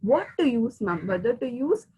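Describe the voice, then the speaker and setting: Husky Indian woman teaching pronunciation. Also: a little high, very animated, normal speed, dark tone, poor audio. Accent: Indian English. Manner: repetitive, explanatory, spells words letter by letter. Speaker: English teacher. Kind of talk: online pronunciation lesson.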